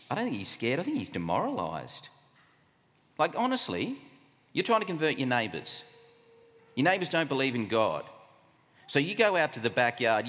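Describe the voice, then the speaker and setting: A man's voice: mid-range voice, a bit bright. A man with an Australian accent preaching a sermon at a camp, conversational and full of rhetorical questions. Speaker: camp speaker. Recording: long hall reverb.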